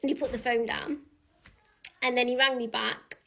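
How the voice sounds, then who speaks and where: A woman tells a story in a casual vlog, indignant and animated as she quotes both sides of a phone call. Her voice sits somewhat high. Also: normal speed, vocal fry.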